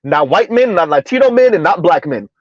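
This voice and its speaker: Emphatic sarcastic man with high voice. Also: very animated, no room sound, muffled recording. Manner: emphatic, sarcastic, drawn-out repetition with frequent "huh?". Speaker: commentary channel host. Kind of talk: reaction commentary. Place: South Florida.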